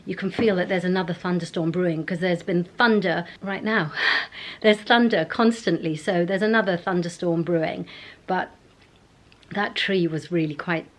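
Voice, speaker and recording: A woman's voice: lowish voice, steady tone, normal speed, rough recording. A woman chatting to camera as a beauty vlogger, rambling on while she gets ready at home. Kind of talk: casual chat to camera. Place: at home, indoors.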